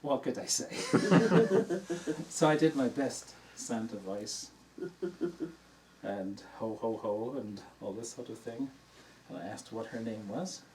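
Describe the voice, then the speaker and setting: An older man, a dharma teacher, telling a personal story to an audience in a relaxed, anecdotal way and laughing at his own tale. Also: lowish voice, measured pace. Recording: distant mic in a room with faint noise.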